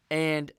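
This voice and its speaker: A young man, casually telling personal stories to camera in a blunt, animated way. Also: no echo, studio quality. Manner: animated, blunt, laughs through his stories. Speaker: vlogger.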